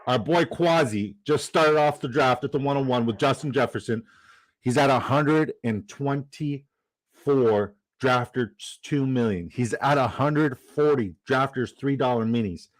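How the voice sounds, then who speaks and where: A man's voice: medium pitch, unhurried, no echo, low-quality recording. A man hosting a fantasy football livestream, chatting casually, joking and reading out the chat. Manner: upbeat, jokey, reads chat aloud.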